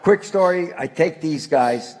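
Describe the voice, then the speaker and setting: A man's voice: on the high side, a little slow. An older man from Newark, telling anecdotes to a live audience as a guest speaker. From Newark, New Jersey. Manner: animated anecdotal storyteller, chuckling punchlines.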